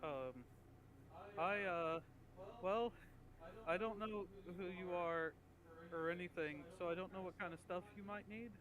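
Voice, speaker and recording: A man's voice: sits high, measured pace, long pauses, a crowd in the background. A man playing in a tabletop game, answering in character with hesitant, stammering speech. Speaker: player.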